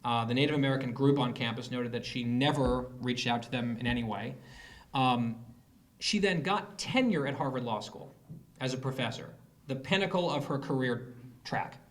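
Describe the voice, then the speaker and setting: A man's voice: medium pitch, normal speed. A man giving a political speech to a live audience, telling a story with sarcasm and mocking quoted voices. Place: conference hall.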